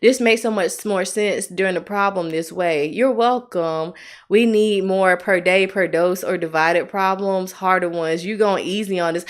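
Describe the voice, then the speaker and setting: A woman with an Alabama accent tutoring nursing students on a live stream, chatty and encouraging, slowing down to walk through each step. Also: lowish voice. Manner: chatty, encouraging, reads viewer comments aloud; slow, deliberate when working steps.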